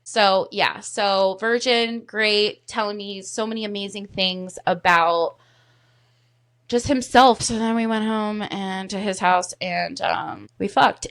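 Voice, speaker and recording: A woman in her thirties chatting casually as a podcast guest, telling frank, animated stories with plenty of swearing. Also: mid-range voice. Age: 30s. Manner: candid, animated storytelling, heavy swearing. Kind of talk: casual chat.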